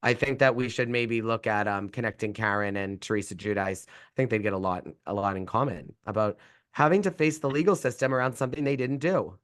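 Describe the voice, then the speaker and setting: A man's voice: fairly low pitch, a little fast. A man hosting a casual podcast chat, opening the show and teasing his co-host.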